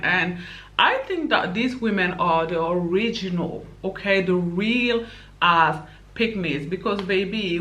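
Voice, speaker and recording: A woman's voice: medium pitch, fairly bright tone. Sassy emphatic woman vlogger. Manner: sassy, emphatic, fillers like "okay" and "like". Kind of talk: casual opinion rant.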